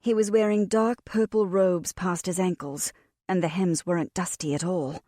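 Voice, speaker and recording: A woman reads a cozy fantasy audiobook in the first person, wry and expressive. Her voice sits on the low side. The recording is dry and close, with no room sound. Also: moderate pace, dry recording. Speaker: audiobook narrator.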